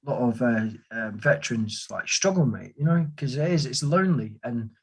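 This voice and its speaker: A husky man, his pitch in a plain middle range, chatting casually. He tells relaxed stories and keeps calling his friend mate. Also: normal speed. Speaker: guest, army veteran. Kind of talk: casual chat.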